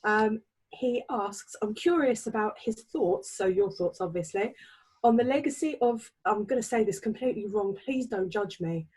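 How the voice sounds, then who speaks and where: Husky-voiced bubbly woman co-host. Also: mid-range voice, normal speed, darkish tone, rough recording. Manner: bubbly, giggly, self-deprecating. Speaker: co-host reading listener questions. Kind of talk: casual podcast chat.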